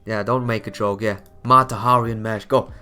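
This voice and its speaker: A man's voice: on the low side, steady tone, a little fast, sharp tone, clear, resonant tone, faint music behind. A man streaming a game, chatting casually in a rambling way, repeating words and laughing often. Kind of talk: casual live-stream chat.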